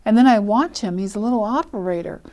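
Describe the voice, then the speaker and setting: Older woman telling a lively story. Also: mid-range voice, fast. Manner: lively storyteller who acts out quoted speech and laughs often. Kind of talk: telling her life story.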